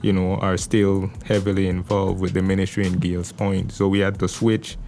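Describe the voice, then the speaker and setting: A man, a pastor answering interview questions in an earnest, steady way. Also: deep voice, normal speed, creaky. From Belize. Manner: earnest, steady, repeats small words as he thinks. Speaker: pastor, podcast guest. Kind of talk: measured conversational interview answers.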